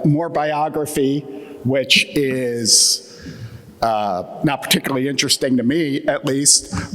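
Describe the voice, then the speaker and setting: An American man from the United States with an Atlantic Midland accent delivers a conference keynote full of dry, self-deprecating humor. His mid-range voice is a bit bright, and the conference hall adds long reverb.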